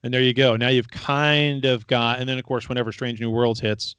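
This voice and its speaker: A man's voice: mid-range voice, level tone, brisk, fairly bright tone, clean tone, no room sound. A man hosting a casual podcast chat, talkative and a little sarcastic, laughing often. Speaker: podcast host.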